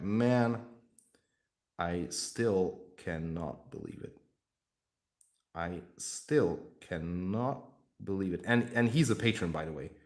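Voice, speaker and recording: Casual streamer, male, deep voice, lively pitch swings, jokey and foul-mouthed. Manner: rambling, swears freely, jokey. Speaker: streamer painting miniatures. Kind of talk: casual live-stream chat.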